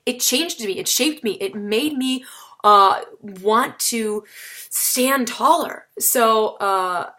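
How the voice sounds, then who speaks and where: A woman talking casually to the camera in a vlog, chatty and animated, with sudden jumps in pitch for emphasis. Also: slow. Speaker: vlogger, comedian and solo performer.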